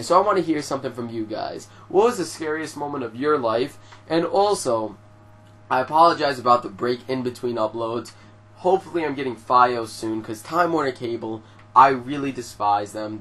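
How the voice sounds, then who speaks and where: A young man tells a story straight to his viewers. His delivery is loose and animated, full of fillers and casual swearing, and his voice sits at an ordinary middle pitch. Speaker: vlogger.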